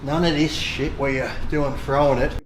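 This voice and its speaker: A man's voice: medium pitch, fairly even intonation, moderate pace, music in the background. A man with an Australian accent, a bodybuilder giving blunt, plain training tips in a clip. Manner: plain, blunt gym talk. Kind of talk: casual training instruction. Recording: roomy echo from video clip.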